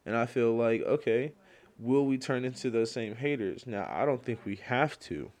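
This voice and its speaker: A man's voice: medium pitch, normal speed. Rambling young man on a solo podcast. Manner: rambling, slangy storytelling with lots of fillers; gets loud and worked up when ranting. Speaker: podcast host. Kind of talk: casual solo podcast chat.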